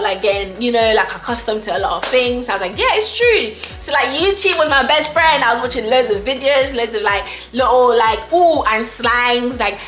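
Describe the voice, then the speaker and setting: Chatty young Ghanaian woman, bright voice. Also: fairly high pitch, roomy sound. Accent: Ghanaian English. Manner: chatty, laughs often, acts out quoted exchanges. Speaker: vlogger. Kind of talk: casual storytime.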